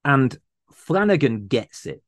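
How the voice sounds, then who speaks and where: A man's voice: mid-range voice, big pitch swings, slow pace, dry recording. Earnest, passionate man talking books. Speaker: podcast guest. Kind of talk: casual chat.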